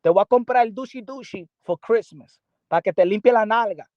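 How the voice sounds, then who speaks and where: Heated high-voiced host. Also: male voice, fast talker, no room sound, lo-fi sound. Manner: heated, mocking, switching between English and Spanish. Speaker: boxing channel host. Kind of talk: livestream commentary answering chat.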